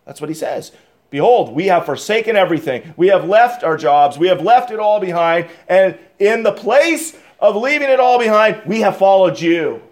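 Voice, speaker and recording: A male pastor preaching a sermon, deliberate and emphatic, repeating key phrases. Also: high voice, animated.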